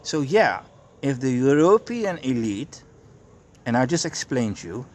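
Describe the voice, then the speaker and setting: A man's voice: mid-range voice, big pitch swings, unhurried. Profane, ranting male street preacher. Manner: profane, emphatic, keeps insisting he is telling the truth. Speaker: self-described prophet and street preacher. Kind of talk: ranting monologue.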